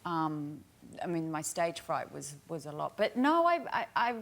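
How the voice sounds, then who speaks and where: A woman's voice: sits low, big pitch swings, unhurried, gravelly, fairly bright tone. A woman, a guest actress on a chat show, answering hesitantly with laughs. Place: TV studio with audience.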